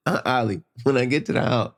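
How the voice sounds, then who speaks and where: A man telling a personal story in casual conversation, animated, acting out voices and sound effects. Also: mid-range voice, normal speed. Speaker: podcast guest.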